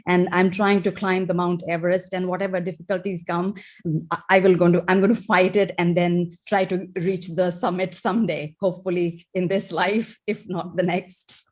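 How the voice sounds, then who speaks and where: A woman's voice: lowish voice, level tone, normal speed. A woman sharing a personal spiritual testimony, emotional and close to tears, telling stories with feeling. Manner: emotional, tearful, warm storytelling.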